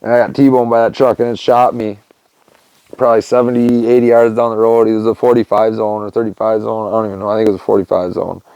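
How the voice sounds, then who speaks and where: A man's voice: fairly low pitch, level tone, fast, creaky, mellow, smooth, no echo, low-quality recording. A young man, a podcast host, telling a personal story in a loose, rambling way, full of fillers like "man" and "you know.". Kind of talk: casual storytelling monologue.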